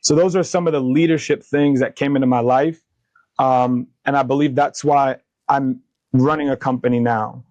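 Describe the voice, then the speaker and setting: A man in his thirties speaks earnestly as a podcast guest, recounting his past and acting out conversations with lively energy. His voice sits at a middle pitch. The sound is dry and close, with no room echo. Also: normal speed, highs cut off. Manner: earnest, animated retelling of dialogue, faith-driven. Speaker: podcast guest, company founder. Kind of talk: candid interview storytelling.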